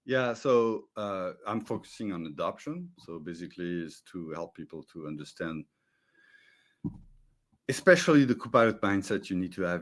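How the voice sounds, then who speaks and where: A man with a French accent and French as his first language, a guest in an interview, earnestly explaining with small restarts, speaking over a video call. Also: fairly low pitch. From France. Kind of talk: conversational interview.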